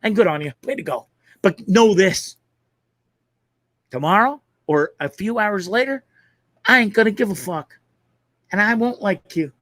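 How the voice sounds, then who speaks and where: A man's voice: high voice, lively intonation, unhurried, long pauses, a bit bright, no echo, studio quality. A man hosting a live online show, casually commenting on viral videos in a profane, laughing, rambling way at a computer mic.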